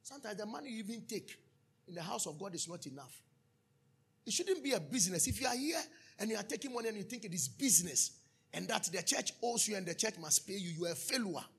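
A pastor preaches with a high, gravelly voice that has a husky edge. He bursts into shouts and then drops to hushed asides. His tone is bright and sharp throughout. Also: animated, fast talker. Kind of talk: sermon.

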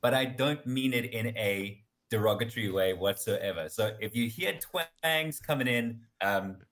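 A man with a South African accent, a voice artist being interviewed, chatting in a warm, effusive way and laughing easily. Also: lowish voice, unhurried. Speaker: podcast guest, voice artist. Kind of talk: casual interview chat.

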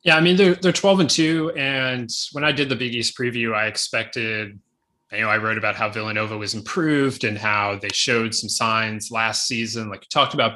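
A man co-hosting a podcast, talking casually with quick asides. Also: fairly low pitch, sharp tone. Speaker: podcast co-host. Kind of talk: casual sports chat.

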